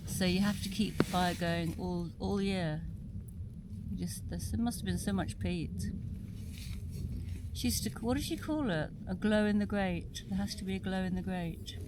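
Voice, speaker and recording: A woman's voice: medium pitch, unhurried, long pauses, background noise. A woman vlogging from inside a small tent in winter, chatting aloud to the camera and musing as she goes. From South East London. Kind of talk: casual solo camping vlog.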